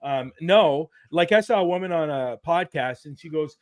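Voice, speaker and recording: A man's voice: fairly high pitch, lively intonation, normal speed. A man hosting a casual podcast chat, agreeable and laughing along with his guest. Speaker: podcast host.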